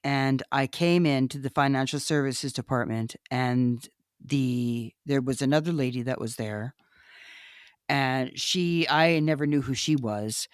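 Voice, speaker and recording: A woman hosting a podcast, telling a personal story in a loud, animated, candid way, laughing often and swearing freely. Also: extremely low pitch, a little slow, clear, resonant tone, dry recording, clean studio sound. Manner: profane, candid. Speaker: podcast host.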